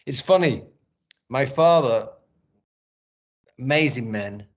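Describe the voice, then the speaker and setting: A man's voice: mid-range voice, animated, slow pace. A middle-aged man telling a personal story in a casual interview, candid and emotional, swearing often. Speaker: podcast guest, former boxer and actor. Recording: dull lo-fi sound.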